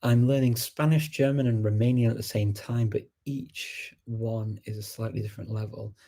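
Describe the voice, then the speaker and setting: A man's voice: on the low side, fairly even intonation, normal speed, warm tone. A man hosting a language learning show, giving casual, reassuring and encouraging advice.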